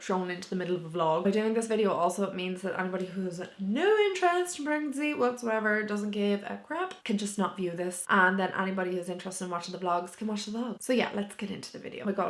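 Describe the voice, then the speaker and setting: A woman vlogger talking candidly and casually to camera, with lots of filler words. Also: medium pitch. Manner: candid and chatty, with many "like" fillers. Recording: roomy echo.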